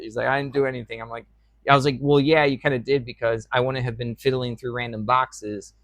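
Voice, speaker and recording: A man's voice: medium pitch, fairly even intonation, quick pace, a bit bright, no room sound. A young man chats to camera about his day, his voice sitting in an ordinary middle range. He rambles, doubles back and fills gaps with little filler words. The sound is close and dry, with no room around it. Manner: rambling, chatty, with frequent fillers. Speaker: reseller vlogger. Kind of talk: casual vlog chat.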